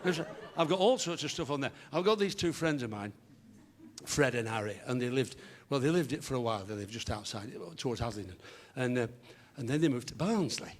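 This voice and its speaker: A man's voice: medium pitch, lively intonation, a little fast. An older man doing live stand-up on a theatre stage, rambling through jokes with many restarts and putting on voices for the characters. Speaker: stand-up comedian. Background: audience laughter.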